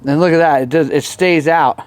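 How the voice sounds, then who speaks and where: A man talking casually to the camera in his garage workshop, excitable and quick to swing between frustration and joy while working on a bike. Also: a little high, clean tone. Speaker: motorcycle vlogger.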